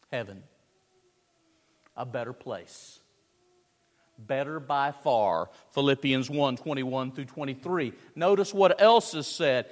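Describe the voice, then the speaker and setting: A man preaching an expository sermon, emphatic, asking rhetorical questions and swinging between loud and quiet. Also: a little high. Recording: long reverb of a large hall.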